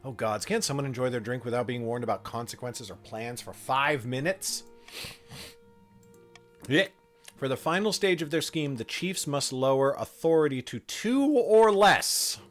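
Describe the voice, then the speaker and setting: A relaxed man hosting a live game stream, reading rules aloud and chatting with viewers in a mid-pitched voice. Quiet music plays faintly in the background. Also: normal speed. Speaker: streamer running a game for chat. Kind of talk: casual live-stream narration.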